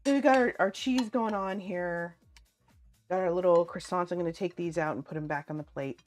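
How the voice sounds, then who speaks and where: A woman's voice: lowish voice, brisk, a little mellow, soft background music. A woman streaming late at night, chatting casually with her viewers as she eats, answering chat and laughing often. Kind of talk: casual livestream chat while eating.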